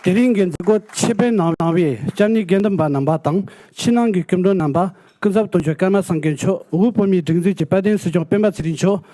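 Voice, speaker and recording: A man who leads a community gives a measured, formal address to an audience. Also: sits high, dark tone, dry recording, a faint crowd. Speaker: community leader.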